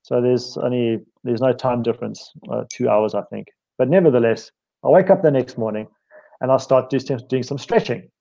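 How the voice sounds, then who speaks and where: Speaking from a home office, a South African guest speaker on stretching tells a story in a casual, rambling way, correcting himself and laughing often. His voice is medium-pitched and warm, though the highs are cut off.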